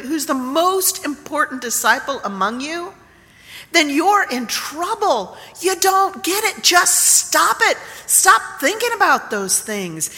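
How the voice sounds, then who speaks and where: A woman preacher tells her sermon emphatically, her pitch high and swinging widely. She speaks slowly, with a bright, forceful tone. A long reverb fills the large room around her. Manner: storytelling, emphatic.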